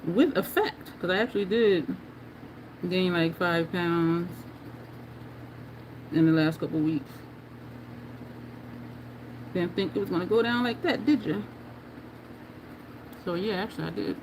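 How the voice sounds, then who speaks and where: This woman's pitch sits fairly low, and her tone is somewhat dark. She talks a little slowly with frequent pauses, over slight background noise. She's from New Jersey, has a New Jersey and New York accent, and laughs often while chatting with livestream viewers as she applies makeup.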